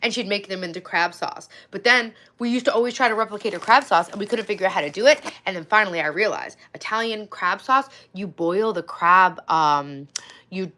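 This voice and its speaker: A woman's voice: medium pitch, a little fast, bright, forceful tone. A woman in her forties hosting a casual livestream, chatty and playful, swearing freely and thanking viewers by name. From Long Island, New York. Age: 40s. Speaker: livestream host.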